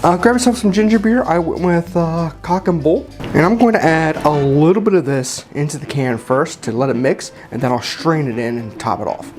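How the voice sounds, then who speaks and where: A man's voice: on the high side, normal speed, hardly any pauses, a little mellow, soft background music. Chatty man giving a cocktail tutorial. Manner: chatty and informal, with many fillers and self-corrections. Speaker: home bartender demonstrating cocktails.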